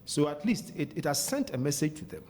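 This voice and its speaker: A Ghanaian man talking as a radio guest, earnest and measured, often checking in with "okay?". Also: fairly high pitch, sing-song, darkish tone, slight background noise. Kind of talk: candid radio talk. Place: radio studio.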